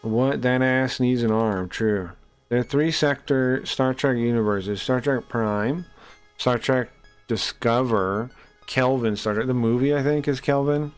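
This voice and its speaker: A man's voice: mid-range voice, unhurried, clean tone, faint music behind. A man streaming a game, chatting casually in a loose, rambling, profane way. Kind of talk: casual live-stream chat while playing.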